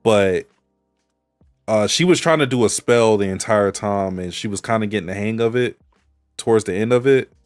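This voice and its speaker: A man's voice: lowish voice, moderate pace, dry recording, clean studio sound, faint music behind. A man co-hosting a podcast, casually analyzing an anime episode and thinking aloud with restarts. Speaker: podcast co-host.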